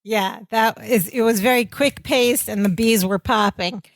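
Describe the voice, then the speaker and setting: A woman's voice: a little high, a little slow, dry recording. A woman co-hosting a podcast, casually recapping a sitcom scene by scene and quoting the characters. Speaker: podcast co-host.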